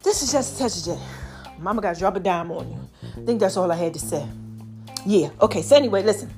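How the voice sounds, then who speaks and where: A woman hosting her own podcast in a lively, preachy, slangy way, a little out of breath as she talks. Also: mid-range voice, quick pace, faint music behind. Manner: lively, preachy, slangy, calls herself Mama. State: slightly out of breath. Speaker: podcast host. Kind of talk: casual inspirational monologue.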